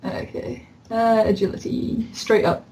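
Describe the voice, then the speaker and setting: A woman plays a tabletop game in relaxed, casual talk. She laughs often and swears freely. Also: on the high side, unhurried, a little hiss or hum. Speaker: player.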